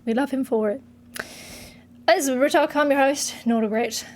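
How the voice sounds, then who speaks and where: A woman's voice: sits high, normal speed, darkish tone, a little hiss or hum, close to an everyday voice. A woman on a livestream playing a mock British talk-show host in a put-on British accent, mock-formal and giggly. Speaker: streamer. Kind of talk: comedic bit on a livestream.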